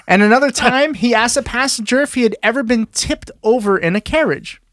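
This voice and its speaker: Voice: medium pitch, brisk, a bit bright, dry recording, studio quality. A podcast host in casual chat who reads a history story aloud, amused and often breaking into laughter.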